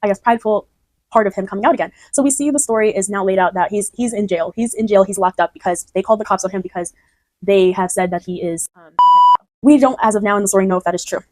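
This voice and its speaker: A woman's voice: medium pitch, fast talker, a little mellow, no echo, rough recording. A woman explaining her own poem in a chatty way, often restarting and checking that the listener follows. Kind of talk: casual spoken explanation.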